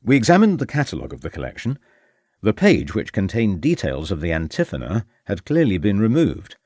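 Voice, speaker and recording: A man voicing a shrewd Victorian police inspector who questions people in a formal, measured way. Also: fairly low pitch, huge pitch swings, a little mellow, no room sound, clean studio sound.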